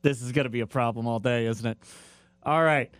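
A man's voice: mid-range voice, steady tone, brisk, smooth, no room sound. A man co-hosting a sports radio show, joking and reading sponsor lines. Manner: joking, reads ad reads. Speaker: radio co-host. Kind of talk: casual radio chat.

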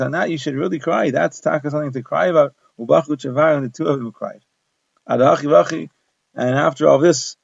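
A man's voice: on the high side, creaky, dry recording. A man giving a Talmud lesson, translating the Aramaic phrase by phrase into plain English. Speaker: Talmud teacher. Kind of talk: daf yomi Talmud lesson. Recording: dull lo-fi dry recording.

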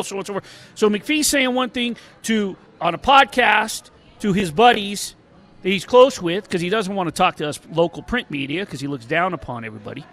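High-voiced man telling a sports story. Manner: animated, storytelling with many restarts. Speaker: local sports print reporter. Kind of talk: casual radio sports talk.

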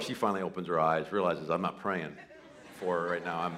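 A man preaching a sermon, telling a personal story, starting soft and building to loud emphasis. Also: low-pitched, fast talker. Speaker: pastor.

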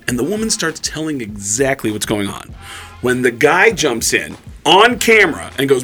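A man co-hosting a morning radio show, telling stories and acting out the quoted lines with big loud jumps in voice. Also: mid-range voice, sing-song, normal speed, soft background music. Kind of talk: animated storytelling on morning radio.

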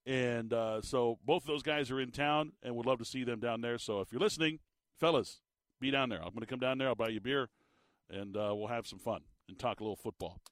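Guy, sports radio host, tired squeaky voice, incredulous rants, dry sound. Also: fairly quick, dry recording. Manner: animated, incredulous rants with laughs. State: fatigued voice, slightly squeaky. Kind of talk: sports talk radio monologue.

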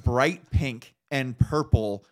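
A man's voice: mid-range voice, takes it slowly. Male podcast co-host, profane ranting storyteller, mid-range voice, casual. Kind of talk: casual chat.

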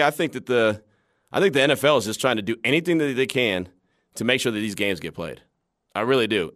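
A man hosting a sports talk radio show, chatting with animated energy and laughing easily. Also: mid-range voice, no room sound, studio quality.

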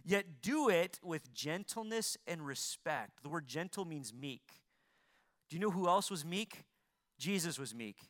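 A man with a high-pitched voice delivers a sermon, asking his congregation questions. His tone is bright and ringing, and he drops from loud, pointed emphasis to soft, pleading near-whispers. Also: expressive, measured pace. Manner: preaching with sharp swings between loud emphasis and quiet pleading; repeats lines for emphasis, asks the congregation questions. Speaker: pastor.

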